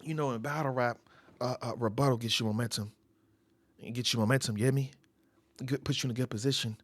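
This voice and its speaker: A man hosting a reaction show, talking in casual commentary with animated outbursts and phrases repeated for emphasis. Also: mid-range voice, fast talker, no room sound. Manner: breaks into loud excited outbursts. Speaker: reaction channel host.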